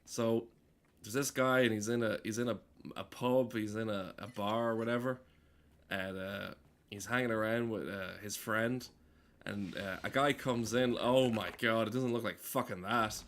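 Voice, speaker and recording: A man's voice: on the low side, steady tone, normal speed, fairly bright tone. Rambling, swearing man gaming. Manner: rambling, crude, self-mocking, many fillers. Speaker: let's play gamer. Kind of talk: casual game commentary.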